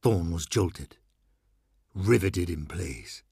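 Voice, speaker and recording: A man narrating a horror novel as an audiobook, measured and somber. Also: lowish voice, breathy edge, dry recording, studio quality.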